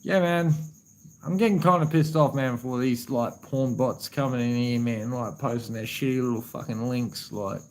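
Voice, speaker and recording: A man's voice: mid-range voice, normal speed, low-quality recording. An Australian man chatting casually on a live stream, rambling, swearing heavily and calling viewers man and brother.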